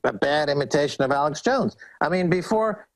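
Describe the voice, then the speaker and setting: Male guest commentator, mocking and sarcastic, animated ranting delivery. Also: fairly high pitch, a little fast, low-quality recording. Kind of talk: ranting phone-in talk show interview.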